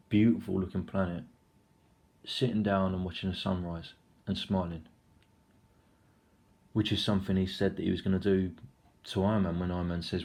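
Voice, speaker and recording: A man's voice: sits low, a little mellow. A young man casually recapping a film, rambling, swearing freely and acting out the scenes. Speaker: film reviewer.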